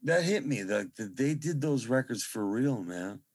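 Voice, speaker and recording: Middle-aged male guest on a video call, medium pitch, rambling, gushing, reverent storyteller. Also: expressive, unhurried, a little mellow, breathy edge. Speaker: musician guest. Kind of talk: casual interview chat.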